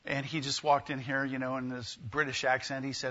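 A man's voice: mid-range voice, flat delivery, fairly quick, pushed and bright, dull audio. A man preaching a sermon in a conversational way, often asking his listeners questions. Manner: conversational, asks the congregation questions. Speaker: pastor.

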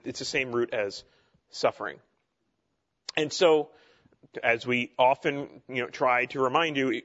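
A man leads a theology class in a relaxed, conversational way, full of asides and fillers. His voice sits at a middle pitch, and the recording sounds slightly dull and lo-fi. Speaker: teacher.

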